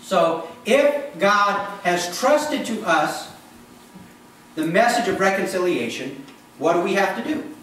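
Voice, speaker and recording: A pastor preaches in a church sanctuary with an animated, high-pitched, fairly bright voice, taking his time. He talks conversationally and often puts questions to the congregation. The hall is echoey, the mic distant, with slight background noise.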